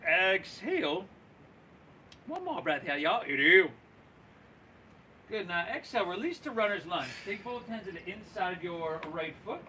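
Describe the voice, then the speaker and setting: A man guiding a live yoga class, cueing poses and breaths in an encouraging, relaxed and folksy way. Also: sits high, moderate pace, slight background noise. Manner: relaxed, folksy, says y'all. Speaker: yoga instructor.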